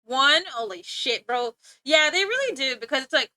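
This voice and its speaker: A woman's voice: sits high, expressive, moderate pace, sharp tone, dry recording. A woman live-streaming, chatting casually and teasing her viewers, rambling and often breaking off to giggle. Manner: joking, teasing banter with chat. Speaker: livestreamer.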